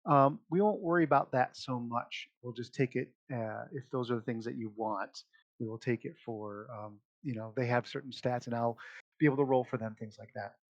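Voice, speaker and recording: Relaxed chatty man running a tabletop game. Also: medium pitch, moderate pace, no echo, lo-fi sound. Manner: relaxed, chatty, many fillers, laughs often. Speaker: game master. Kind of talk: explaining game rules casually.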